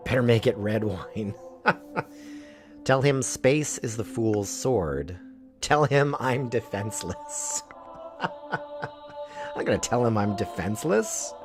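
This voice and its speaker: A man's voice: lowish voice, takes it slowly, pauses often. A man streaming a game, reading its text aloud and commenting with playful laughter. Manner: animated, laughing often, playful. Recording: music playing behind the voice.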